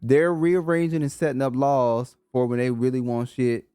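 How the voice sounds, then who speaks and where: A blunt man co-hosting a podcast in a mellow, low-key tone. He argues his views directly and swears freely. The sound is dry and close. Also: level tone, normal speed, clean tone, no echo, soft background music. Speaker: podcast co-host. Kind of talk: casual political chat.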